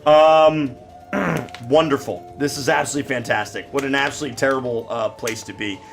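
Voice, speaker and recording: A man's voice: mid-range voice, a little fast, gravelly, soft background music. A man playing a tabletop role-playing game, dramatic and joking about his character's plight. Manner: animated, dramatic, swears and laughs. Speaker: player.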